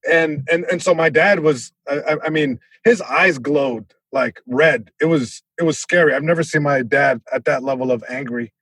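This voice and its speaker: Male comedian guest, podcast storytelling, slightly high voice, dry close studio sound. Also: moderate pace, few pauses, slightly rough, no echo, rough recording. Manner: animated, lots of restarts.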